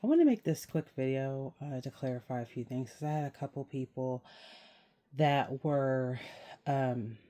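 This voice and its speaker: Young adult man, vlog host, casual rambling chat, mid-pitched, laughs now and then. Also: animated, moderate pace, dark tone. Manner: rambling, chatty, laughs while talking. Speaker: channel host.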